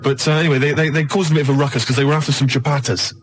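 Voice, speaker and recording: A man's voice: fairly high pitch, fairly even intonation, slight background noise. An Englishman telling a long, rambling anecdote as co-host of a radio chat show. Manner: rambling storyteller, fast.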